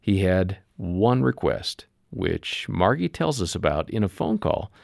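A man hosting a Christian radio program, narrating a story in a measured, earnest way. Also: sits low, very animated, vocal fry, no echo, studio quality. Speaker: radio ministry host.

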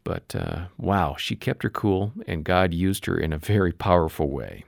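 A man hosting a Christian radio program, narrating a story in a measured, earnest way. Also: low-pitched, expressive, creaky, no echo, studio quality. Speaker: radio ministry host.

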